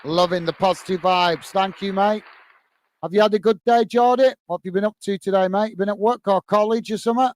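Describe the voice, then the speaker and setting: A British man with a fairly high voice hosts a live football watch-along, calling the play and reading out viewers' messages in a friendly, chatty way. His voice comes across smooth and clear, recorded close on a dry mic with no room sound. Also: fairly even intonation, fairly quick, dry recording. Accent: British English. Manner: chatty, greets viewers by name, frequent "uh" fillers.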